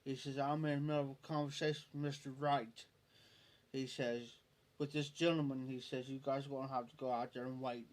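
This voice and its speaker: A man's voice: medium pitch, level tone, a little fast. A man hosting a live stream, telling a personal story in a rambling way, often repeating himself and quoting what others said. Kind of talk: casual storytelling.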